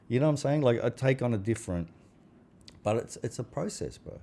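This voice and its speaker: A man's voice: mid-range voice, animated, fairly quick, dark tone. A man, a podcast guest talking casually and bluntly, swearing and acting out the conversations he recounts. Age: 40s. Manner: blunt, swears, acts out quoted exchanges. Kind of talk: casual chat.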